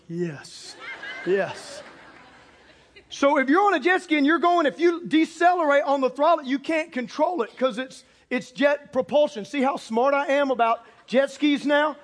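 A man with a strikingly high voice preaches to a congregation, telling a story from the pulpit. He talks animatedly and breaks into loud shouts for emphasis. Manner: animated, bursts into shouts for punchlines. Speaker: pastor. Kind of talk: storytelling sermon. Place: church or auditorium with a live congregation.

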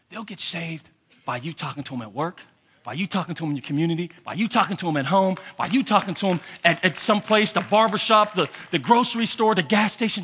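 A pastor giving a sermon, preaching with emphatic repetition and swinging between loud and hushed delivery. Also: male voice, high voice, husky.

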